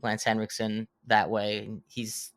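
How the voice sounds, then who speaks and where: A man in his thirties chats on a podcast with a bright, forward tone. He tells animated stories, often stumbling, restarting and repeating words as he goes. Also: lowish voice, unhurried, clean tone. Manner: animated anecdotes with frequent restarts and stammers. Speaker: podcast guest, horror filmmaker. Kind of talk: casual podcast conversation, storytelling.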